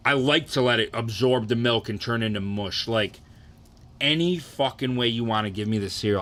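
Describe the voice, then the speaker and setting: A man's voice: mid-range voice, lively intonation, moderate pace, fairly bright tone, slight background noise. A young man ranking cereals in a casual, profane, rambling way, getting worked up and restarting his sentences.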